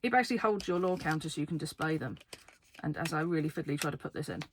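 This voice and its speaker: Excited fast-talking woman vlogger. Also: deep voice, a little hiss or hum. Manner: fast, excitable, laughing often. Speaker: card game YouTuber. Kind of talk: casual vlog talk to camera. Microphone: camera facing her.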